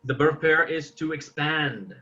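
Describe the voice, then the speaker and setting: A man's voice: a little high, unhurried, bright, forceful tone, muffled recording. A man teaching an English class online, patiently correcting his students' examples.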